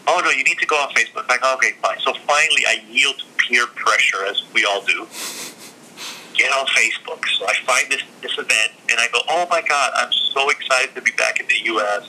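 A middle-aged man spins a long story in casual chat, jumping into everyone's voices as he goes. His tone is very bright and sharp, with an animated, performing manner. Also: medium pitch, fairly quick, poor audio. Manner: animated, acts out every quoted voice. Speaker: guest.

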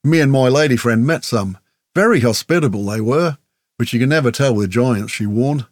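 A man's voice: medium pitch, expressive, normal speed, dry recording, lightly acted. A man playing a worn-out orc traveller on a mission, blunt and plain-spoken, in a mid-range voice close to the reader's own. The sound is dry and close. It fits a fantasy audiobook. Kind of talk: audiobook character voice.

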